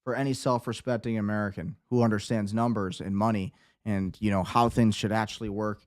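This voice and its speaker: A man's voice: lowish voice, steady tone, a little fast, no echo, clean studio sound. A man hosting a casual commentary show, ranting bluntly with sarcasm. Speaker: host.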